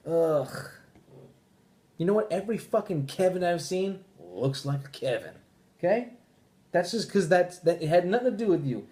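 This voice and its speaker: Animated, high-voiced man ranting. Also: normal speed. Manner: animated, profane ranting with mock quoted voices. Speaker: podcast host. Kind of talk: casual chat.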